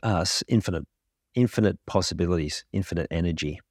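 Male podcast guest, low voice, dry close mic, calm and reflective explainer. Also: quick pace, dry recording. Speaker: podcast guest, grief coach. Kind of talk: interview explanation.

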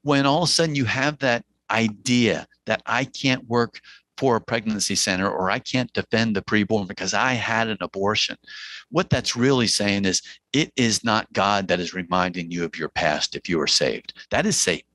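Guy on a podcast, kinda low voice, earnest and emphatic, preachy, dry close sound. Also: normal speed, a bit bright, dry recording. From New Jersey. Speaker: physician guest. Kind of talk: podcast interview, preaching-like testimony.

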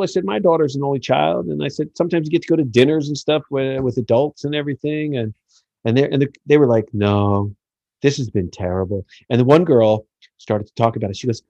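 A middle-aged man from the United States hosting a casual podcast, telling stories in an animated, joking way with plenty of fillers. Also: medium pitch, brisk, dry recording. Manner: animated storyteller, jokey, many fillers. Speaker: podcast host.

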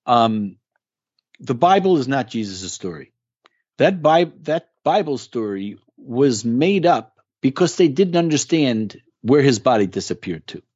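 Husky lively-voiced man explaining earnestly. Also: medium pitch, unhurried, no echo, highs cut off. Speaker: guest musician. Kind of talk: casual interview talk.

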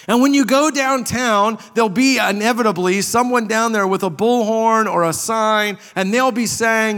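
A pastor with a notably high voice delivers a forceful sermon, driving points home through repetition. His words hang in the long reverb of a church sanctuary. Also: moderate pace, few pauses. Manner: emphatic preaching with rhetorical repetition. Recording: reverberant hall.

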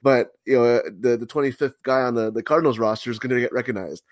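A man guesting on a sports podcast, talking in a measured, analytical way and often repeating words as he thinks. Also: medium pitch, fairly even intonation, no echo. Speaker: podcast guest, hockey blogger. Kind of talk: casual sports podcast chat.

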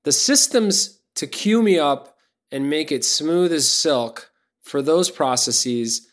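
A man's voice: on the high side, expressive, takes it slowly. A man talking as a podcast guest, making emphatic points, repeating them and often agreeing briefly. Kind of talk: casual conversational chat.

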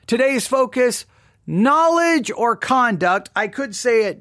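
A man hosting a solo Bible teaching show, talking deliberately, repeating key phrases, and restarting sentences often. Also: extremely high pitch, sing-song, a bit bright, no echo, clean studio sound.

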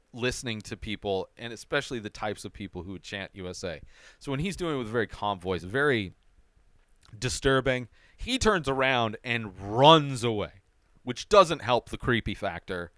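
A man's voice: mid-range voice, a bit bright, clear, resonant tone, no echo, studio quality. A man hosting a TV episode recap podcast, talking casually and animatedly with lots of fillers. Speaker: podcast host.

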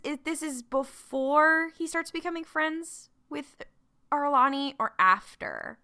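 A woman in casual fan chat, animated and emotional, with many fillers. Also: high-pitched, measured pace.

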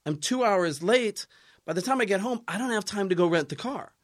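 A man on an interview podcast tells an embarrassing story with real energy. He laughs often and slips into other people's voices to act out the scene. His voice sits slightly high for a man. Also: animated, fairly quick. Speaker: guest, film producer.

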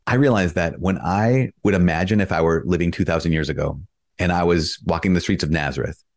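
A Catholic priest speaks in an interview with a deep, low voice. He explains things earnestly and gets animated in his anecdotes, raising his voice when he imitates himself. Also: fairly quick. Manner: earnest, animated storytelling, mimics himself with raised voice. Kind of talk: conversational interview.

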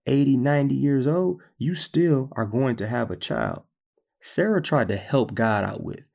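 A man preaching a sermon, retelling scripture stories in a conversational, animated way. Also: on the low side, creaky.

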